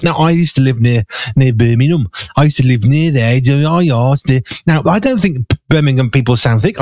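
A middle-aged man from the Black Country in England, speaking with a Black Country accent in a slightly high voice, hosts a radio show. Between songs he rambles and pokes fun at himself, and the recording has no room sound.

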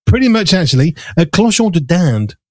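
A man telling stories in a relaxed, playful, self-mocking chat. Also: high voice, moderate pace, no room sound, studio quality. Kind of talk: casual chat.

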